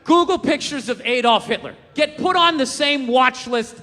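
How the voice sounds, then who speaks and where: Stand-up comic, male, very high and bright voice, heard in a reverberant hall. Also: normal speed, background noise. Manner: profane, rambling, animated rants with acted-out quotes. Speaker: stand-up comedian. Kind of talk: stand-up comedy routine.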